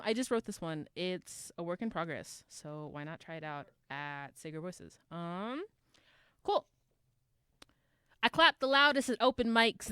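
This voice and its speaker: A woman's voice: fairly high pitch, a bit bright, clear, resonant tone, no echo, clean studio sound. A young adult woman performing spoken word poetry at an open mic, with rhythmic, emphatic delivery and call and response with the crowd.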